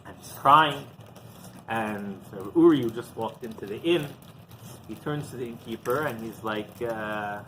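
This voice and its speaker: A man's voice: lowish voice, measured pace, a little hiss or hum, poor audio. A man who is a rabbi telling a story in a sermon, acting out the dialogue. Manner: animated storyteller, acts out dialogue.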